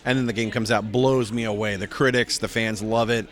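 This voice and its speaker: A middle-aged man, a voice actor, chatting in a convention interview and acting out quoted lines with big swings in his voice. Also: brisk. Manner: animated storyteller, acts out quotes with big pitch jumps. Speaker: voice actor guest.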